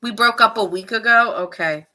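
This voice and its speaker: A woman with a bright, ringing voice talks through a tarot reading in a loose, conversational way. She muses aloud, responds to viewers' comments and laughs easily as she goes. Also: a little high, moderate pace, a little hiss or hum. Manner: casual, chatty, reacts to viewers' comments. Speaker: tarot reader. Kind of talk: live tarot reading chat.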